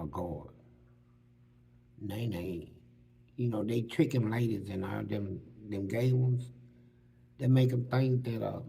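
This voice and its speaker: A man casually telling stories from prison, animated and full of street slang, acting out what other people said. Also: mid-range voice, creaky. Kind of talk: casual storytelling.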